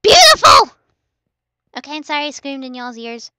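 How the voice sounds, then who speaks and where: A woman commentating her own game casually, excitable and playful, with yelps and teasing trash talk. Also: sits high, fast talker, clean tone, no echo, studio quality. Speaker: gaming channel host.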